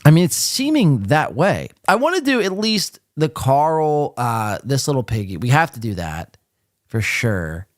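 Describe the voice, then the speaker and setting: A man's voice: medium pitch, very animated, a little slow, no echo, clean studio sound. A man hosting a live podcast, talking casually with blunt sarcasm and frequent swearing. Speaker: podcast host.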